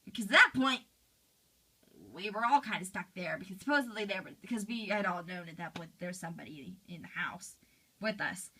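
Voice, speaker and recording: A woman's voice: mid-range voice, lively intonation, brisk, bright, forceful tone, breathy edge. A woman voicing a teenage girl in a fan role-play interview, retelling a frightening night with lots of "like". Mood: shaken. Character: teen girl friend, shaken storyteller.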